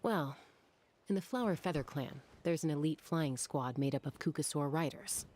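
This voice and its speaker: A woman voicing a calm, composed young woman warrior in a video game, speaking in a steady, even manner. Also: low-pitched, normal speed, slight background noise, natural voice. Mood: reassuring. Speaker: game character.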